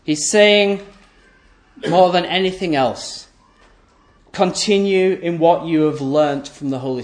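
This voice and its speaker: Emphatic male preacher in an echoey room. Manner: emphatic, repeats key phrases, asks rhetorical questions; voice often drops low and soft at the end of phrases. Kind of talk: sermon.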